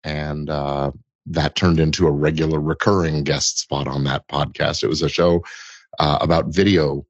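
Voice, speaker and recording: A man's voice: very deep voice, level tone, normal speed, dry recording, lo-fi sound. A middle-aged man, an entertainment lawyer, explaining things thoughtfully as an interview guest, often restarting phrases. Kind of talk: conversational interview answers.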